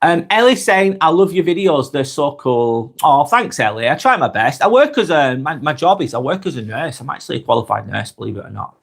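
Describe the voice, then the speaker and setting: A man's voice: fairly high pitch, big pitch swings, brisk, vocal fry, hardly any pauses, slightly rough. A man with a Lancashire accent, hosting a casual live stream and reading viewer comments aloud in a chatty, friendly way. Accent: Lancashire (Blackburn, Darwin). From northwest England. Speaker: live vlog host.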